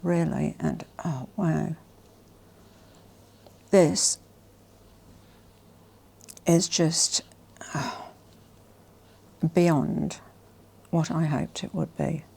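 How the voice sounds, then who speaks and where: A woman vlogger presenting a haul in a casual, gushing and emotional way, often dropping to soft whispers. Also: deep voice, fairly even intonation, drawn-out words, creaky, long pauses, slightly rough. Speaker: fashion vlogger.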